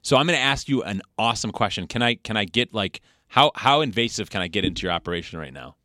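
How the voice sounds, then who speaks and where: A middle-aged man hosting a casual interview, animated and jokey, laughing often. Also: lowish voice, fast talker, no echo, clean studio sound. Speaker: podcast host.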